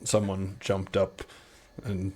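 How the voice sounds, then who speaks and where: A middle-aged man with a Utah American accent, telling rambling anecdotes in a relaxed interview, slipping into playful quoted voices. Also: deep voice, slow pace. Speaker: podcast guest. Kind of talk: casual storytelling interview.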